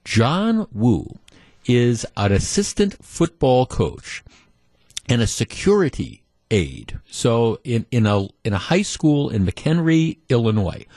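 A man's voice: medium pitch, sing-song, slow pace, darkish tone, no echo. Sardonic middle-aged male radio host. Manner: conversational and sardonic, with frequent restarts. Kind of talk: talk radio monologue.

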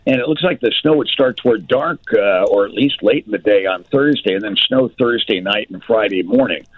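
A man's voice: lowish voice, a little fast, slightly rough, no room sound. A man, a meteorologist guest, explaining the weather enthusiastically in casual chat over a phone line. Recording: dry tinny phone line.

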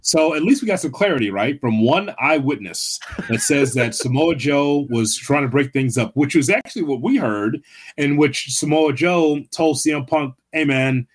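A man's voice: a little high, lively intonation, moderate pace, breathy edge. A man co-hosting a wrestling podcast in casual chat, giving blunt, opinionated takes. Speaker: podcast co-host.

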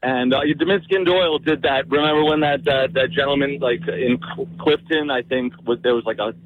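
A man calling a radio show, talking in a halting, sheepish way with many fillers. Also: mid-range voice, slight background noise. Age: 30s. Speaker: caller. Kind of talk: casual phone-in chat. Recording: tinny phone line.

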